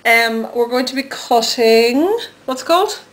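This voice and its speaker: Woman host with a higher voice, chatty and giggly, casual home demo, faint background hiss. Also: unhurried, fairly bright tone. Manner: chatty and giggly, trails off and hesitates. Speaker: soap maker and channel host. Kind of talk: casual chat while demonstrating.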